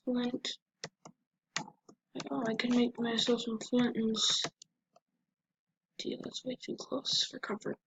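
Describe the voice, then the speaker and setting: A woman's voice: a little high, little pitch movement, slow pace, pauses often, a bit bright, breathy edge. A woman giving casual let's-play commentary, chatting to herself as she plays. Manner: chatty, talks to herself while playing. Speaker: gameplay commentator. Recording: dull lo-fi mic with faint noise.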